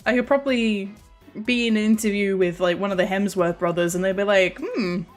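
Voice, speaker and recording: A woman with a light Australian accent chats casually to her stream viewers. She rambles, often restarting and correcting herself mid-sentence, at a mid pitch. Faint music plays behind her. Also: fairly even intonation, a little fast.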